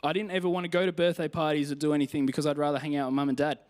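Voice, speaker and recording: A man's voice: a little high, flat delivery, very fast, darkish tone. A young man with an Australian accent preaching a sermon in a chatty, self-deprecating way, telling personal stories and reading scripture. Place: church stage.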